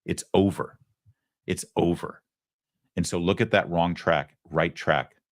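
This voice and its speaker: A man's voice: low-pitched, a bit bright, no echo, studio quality. A man hosting a political talk show, delivering opinionated commentary in a sarcastic, mocking, emphatic way.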